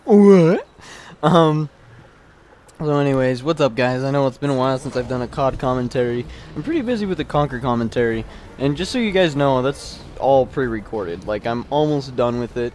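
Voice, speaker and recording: A young man in his twenties doing casual, rambling video game commentary, chatty and quick to laugh. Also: mid-range voice, slight background noise. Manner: rambling, chatty, laughs often, many restarts. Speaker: gameplay commentator.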